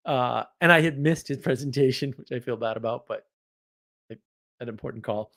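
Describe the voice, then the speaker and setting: A man casually telling a story from his week, animated, laughing often and restarting his sentences. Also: mid-range voice, unhurried, pauses often. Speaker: podcast host.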